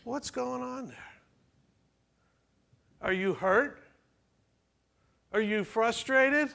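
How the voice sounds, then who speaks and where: A man's voice: extremely high pitch, drawn-out words, creaky, sharp tone. A man preaching a sermon in a church, talking conversationally and asking the congregation questions. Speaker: pastor.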